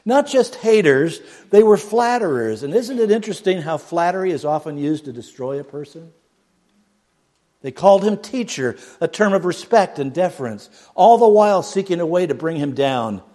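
A man preaching a sermon, dropping to near a hush and then rising loud. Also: fairly high pitch, animated, moderate pace. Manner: dramatic swings from hushed to loud, mocks a pompous prayer voice.

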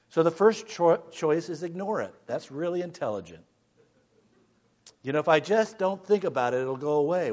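A man preaching a sermon, swinging between hushed lines and shouted ones. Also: fairly high pitch, lo-fi sound. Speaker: pastor.

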